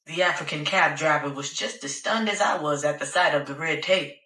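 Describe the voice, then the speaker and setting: Sassy woman narrating an audiobook, bright tone. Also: low voice, a little fast, echoey room, far from the mic, poor audio. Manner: sassy, profane, conversational. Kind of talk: first-person audiobook narration.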